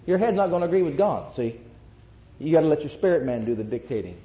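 Male preacher, high voice, emphatic sermon delivery, echoey lo-fi church recording. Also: animated, fast talker. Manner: emphatic, swings between loud bursts and quiet asides. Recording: echoey room, dull lo-fi sound.

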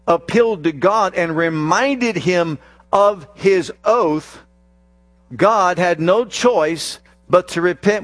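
Slow, emphatic male preacher. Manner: slow, emphatic delivery with dramatic drops to a low hushed voice; reads scripture aloud in a drawn-out, stressed cadence. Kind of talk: sermon. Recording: dry close sound with faint mains hum.

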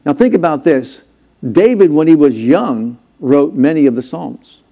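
A man in his sixties preaching a conversational sermon as pastor, acting out quoted lines and growing louder when worked up. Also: on the high side, lively intonation, a little slow, vocal fry, muffled recording. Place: church sanctuary.

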